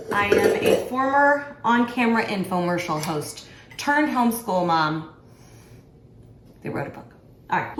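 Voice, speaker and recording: A middle-aged woman with a fairly high voice chats casually to the camera while she cooks, making light fun of herself. She sounds echoey, as if in a bare home kitchen, with a faint ambient hum behind her. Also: a bit bright. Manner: chatty and self-deprecating, talking to the camera while cooking. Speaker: author and home cook. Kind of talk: casual cooking vlog.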